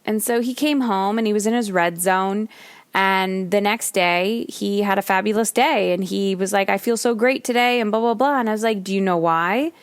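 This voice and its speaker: A middle-aged woman hosts a solo podcast, talking candidly and conversationally, with the odd casual swear word. Her voice sits at an ordinary pitch for a woman. The recording is dry and close, with no room echo. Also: normal speed, clean tone. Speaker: podcast host.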